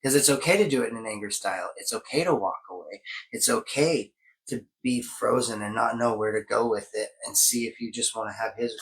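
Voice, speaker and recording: A man's voice: on the low side, fairly quick, low-quality recording. A man in casual wellness chat who explains ideas step by step in an encouraging way.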